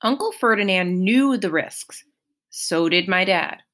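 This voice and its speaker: A woman voicing an anxious, earnest young male satyr with a raised, pleading voice, in a slow, lively storybook reading. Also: mid-range voice.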